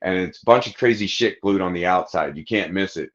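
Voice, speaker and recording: A podcast host with a low-pitched voice talks fairly quickly, telling a rambling, crude anecdote in casual conversation and acting out the lines of the people involved. The podcast audio is dull and lo-fi.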